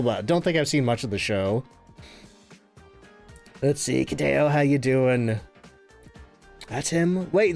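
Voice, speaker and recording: A man streaming live, chatting casually, reading chat aloud and thanking subscribers, often laughing. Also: medium pitch. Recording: faint game music behind the voice.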